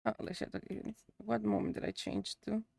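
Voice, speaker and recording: A woman's voice: mid-range voice, flat delivery, fairly quick, gravelly, a little mellow, slightly rough, no echo. A woman streamer chatting casually to herself as she works on a drawing. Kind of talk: casual chat while drawing.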